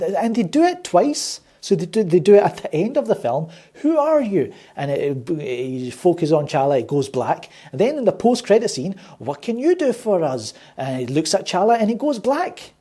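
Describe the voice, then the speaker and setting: Guy ranting a movie review, sweary and sarcastic, husky kinda mellow voice. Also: sits high, sing-song, normal speed. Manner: sarcastic, swears a lot, exasperated. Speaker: movie reviewer and channel host.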